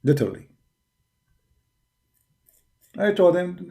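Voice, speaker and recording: A man's voice: a little high, normal speed, gravelly, pauses often, dark tone. Combative man with an Arabic accent. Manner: combative, mocking, emphatic. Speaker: religious debater. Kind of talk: polemical monologue.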